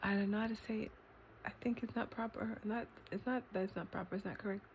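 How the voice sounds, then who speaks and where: A woman talks to the camera in a loose, reflective monologue, full of fillers and false starts. Now and then she jumps to high, incredulous exclamations. A faint hiss sits under the recording. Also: fairly even intonation, quick pace. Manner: rambling, filler-heavy, with sudden high exclamations. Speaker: vlogger. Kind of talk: reflective self-talk monologue. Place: eating ice cream while filming herself.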